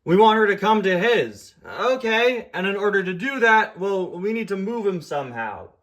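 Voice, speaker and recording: Raised-pitch eager little engine, urgent and pleading , played by a man. Toy-train parody. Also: big pitch swings, normal speed, fairly bright tone. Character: eager young male narrow gauge engine.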